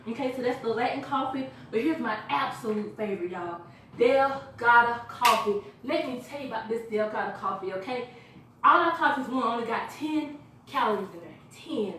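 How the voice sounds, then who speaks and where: A woman giving an energetic, chatty sales pitch to a small live group, laughing and quizzing her listeners. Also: normal speed, a little hiss or hum. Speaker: product presenter. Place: echoey room with a small live audience. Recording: echoey room from far off.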